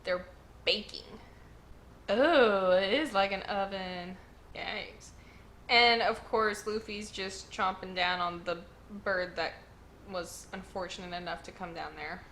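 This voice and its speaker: A woman hosting a casual manga read-along, chatty and excitable, reacting to each chapter. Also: medium pitch, takes it slowly, slight background noise. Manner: chatty and excitable, lots of "like" and "y'all".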